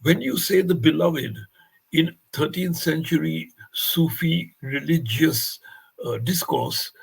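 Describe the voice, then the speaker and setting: Gravelly, husky older man telling stories. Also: a little high, rough recording. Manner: anecdotal storyteller, acts out quoted voices. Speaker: guest poet and translator. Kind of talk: festival stage conversation.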